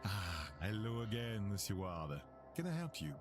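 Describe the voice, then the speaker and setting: A grave, world-weary doctor. He speaks in a measured, somber way. Clear game music runs behind him. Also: fairly low pitch, very animated. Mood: polite. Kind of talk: voiced game dialogue.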